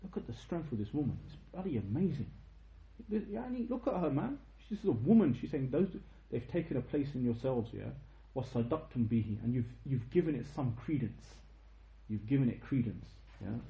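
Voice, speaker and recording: A young man teaches an informal religious lesson, telling the story with lively rhetorical questions and quoted lines. His voice is warm and mellow, at an ordinary pitch for a man. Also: fast talker, gravelly, roomy sound, rough recording. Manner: animated storytelling, tag questions, quotes in Arabic.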